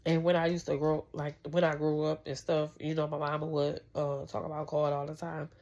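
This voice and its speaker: A woman's voice: sits low, little pitch movement, fairly quick, darkish tone, lo-fi sound. A woman vlogger talking casually about faith and family, rambling and heartfelt, with many restarts. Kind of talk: casual faith talk to camera.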